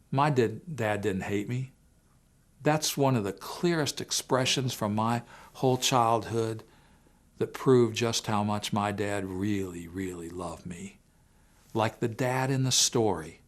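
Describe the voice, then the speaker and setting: A middle-aged man speaking at a family seminar, telling a childhood story with earnest, lively delivery and acting out the people he quotes. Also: mid-range voice. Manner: earnest storyteller who acts out quoted voices.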